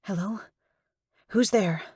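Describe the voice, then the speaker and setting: A woman's voice: mid-range voice, slow pace, dark tone, husky, dry recording, studio quality. A woman voicing a frightened young female college student held captive, who talks in a panicked, pleading way. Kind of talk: audiobook dialogue.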